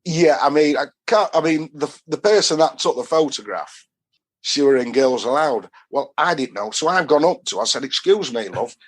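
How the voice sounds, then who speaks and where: A man's voice: on the high side, expressive, normal speed, breathy edge. Chatty Yorkshire man telling stories. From Doncaster, England. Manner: rambling storyteller who acts out quoted dialogue. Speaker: football fan guest. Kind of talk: casual anecdote telling.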